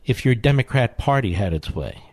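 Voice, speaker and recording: A man's voice: medium pitch, expressive, moderate pace, no room sound. A male radio talk show host delivering a sarcastic, combative monologue, reading news aloud and interrupting it with muttered asides. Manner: combative, sarcastic, swings between loud emphasis and muttered asides. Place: radio studio. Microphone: studio microphone.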